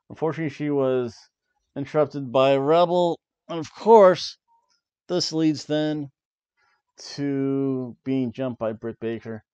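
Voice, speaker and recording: Medium in pitch with a darkish tone, this man in his forties talks wrestling from his seat into a webcam. He's chatty and keeps wandering off on tangents, tossing in frequent asides.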